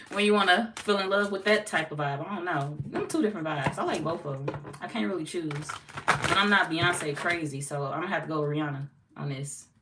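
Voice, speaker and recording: A woman's voice: lowish voice, brisk. Blunt St. Louis woman, echoey distant mic. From St. Louis, US Midwest. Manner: blunt and profane, laughs often. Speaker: tarot reader greeting live chat. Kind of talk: casual livestream chat. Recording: echoey room, distant mic, faint noise.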